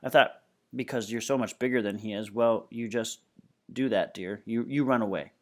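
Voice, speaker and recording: A man's voice: mid-range voice, normal speed, natural voice. A man reading a novel aloud and voicing a fussy, worried elderly grandmother who talks in an anxious, doting way. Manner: anxious, doting, softly pleading. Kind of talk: audiobook reading.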